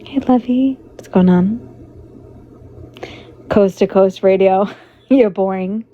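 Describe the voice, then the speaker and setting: A woman livestreaming in a loose, rambling way, greeting her viewers and fighting a hoarse, fading voice. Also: medium pitch, slow pace. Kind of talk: casual livestream chat. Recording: dull lo-fi stream audio with faint noise.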